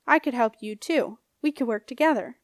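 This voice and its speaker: A woman's voice: on the high side, normal speed, no room sound, studio quality, close to an everyday voice. A woman reading an audiobook, voicing a nervous, resentful teenage boy who talks in a thin, faltering way. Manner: faltering, timid, then eager.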